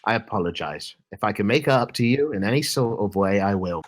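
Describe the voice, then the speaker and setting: Man, cheeky banter, lively pitch. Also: brisk. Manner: teasing, keeps saying mate. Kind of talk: casual banter on a voice call.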